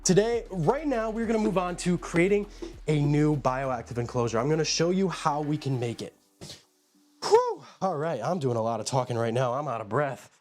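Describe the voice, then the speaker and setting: A man's voice: fairly high pitch, brisk, a little mellow, faint music behind. A man casually chatting on a live stream from a room at home, rambling as he greets viewers by name. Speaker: live streamer showing his pet enclosures.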